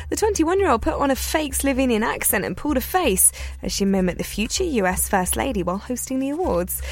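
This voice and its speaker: A woman's voice: on the high side, no room sound. A woman reading a radio news bulletin, then bantering and laughing with her co-host. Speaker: newsreader.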